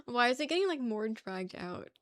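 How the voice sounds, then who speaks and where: A woman's voice: on the high side, big pitch swings, normal speed, dry recording, clean studio sound. A woman chatting casually with her live-stream chat, laughing often and arguing playfully. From New York.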